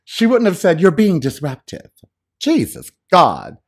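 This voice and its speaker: A man hosting a podcast, giving a casual, animated and theatrical monologue into a microphone at home. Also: high-pitched, a little slow, husky. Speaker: podcast host. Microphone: studio microphone.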